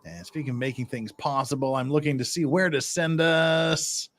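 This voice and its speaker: A man's voice: medium pitch, normal speed, a bit bright. A man hosting a casual livestream, chatty and full of restarts. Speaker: livestream host.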